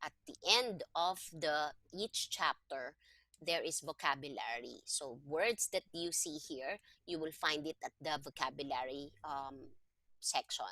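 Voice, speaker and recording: A woman's voice: low voice, measured pace, sharp tone, no echo. A woman teaching a Tagalog lesson one-on-one, explaining patiently and step by step. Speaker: Tagalog tutor.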